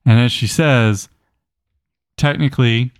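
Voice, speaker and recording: Animated man retelling a book in dry sound. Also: medium pitch, slow, clear, resonant tone, no echo. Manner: animated storyteller, reads quotes aloud with emphasis. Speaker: podcast co-host. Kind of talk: casual book club chat.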